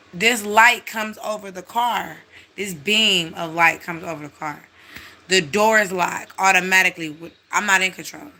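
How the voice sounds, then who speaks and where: A speaker telling a personal story in a casual, animated, blunt way with frequent swearing. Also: medium pitch, vocal fry.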